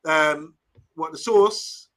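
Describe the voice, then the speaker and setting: This is a chatty man hosting a live stream, reading viewer comments aloud and wandering between topics. His voice is bright and sits a little high. He keeps it casual and rambling. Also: very slow, poor audio. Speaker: host.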